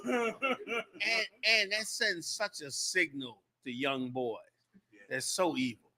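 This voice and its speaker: High, bright-voiced man hosting talk radio. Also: slow pace. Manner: emphatic, repeats phrases, laughs often. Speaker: radio show host. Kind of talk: casual talk radio banter.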